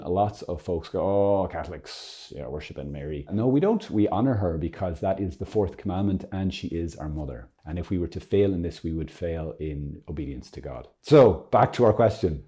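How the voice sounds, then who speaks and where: A man's voice: sits low, warm tone. A man giving a casual Catholic teaching talk, chatty and playful, often laughing and correcting himself as he goes. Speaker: Catholic religious speaker.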